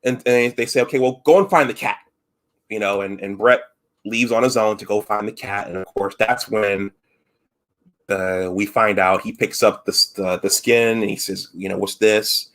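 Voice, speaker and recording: A man's voice: lowish voice, steady tone, moderate pace, a bit bright. A man hosting a casual live stream, retelling film scenes with frequent restarts and acted-out quotes. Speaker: host.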